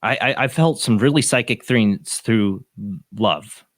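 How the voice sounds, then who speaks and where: A man's voice: mid-range voice, unhurried, dry recording, clean studio sound. A man hosting a podcast interview, talking earnestly and repeating words as he stumbles. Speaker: podcast host. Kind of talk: casual interview chat.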